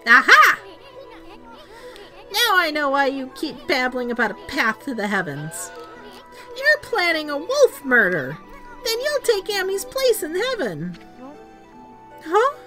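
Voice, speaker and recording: Tiny brash male sidekick played by a woman, high squeaky voice, lively swoops, taunting. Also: takes it slowly, long pauses, music in the background, heavily acted.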